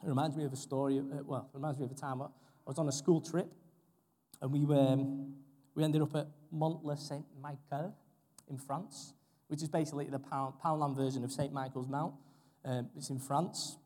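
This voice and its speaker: A man's voice: mid-range voice, flat delivery, normal speed, dark tone. A young man preaching a sermon in a church, earnest and repeating phrases for emphasis. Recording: long hall reverb.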